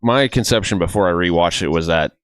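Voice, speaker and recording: A man co-hosting a fight watch party podcast, talking in a measured way and thinking out loud in casual chat. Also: sits low, smooth, no echo, clean studio sound. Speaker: podcast co-host.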